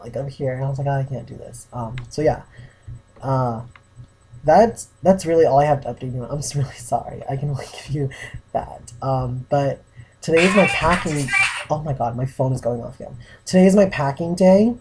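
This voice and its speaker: A man's voice: mid-range voice, normal speed, darkish tone, a little hiss or hum. A young man vlogging to his viewers, telling a story in a chatty way full of "like" fillers. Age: young adult. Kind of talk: casual chat to camera.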